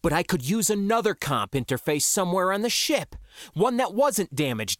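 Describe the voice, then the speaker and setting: A man reading his own science fiction story aloud in the first person, with expressive, dramatic delivery. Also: high voice, normal speed, no echo, clean studio sound. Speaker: author and narrator. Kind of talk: first-person audiobook narration.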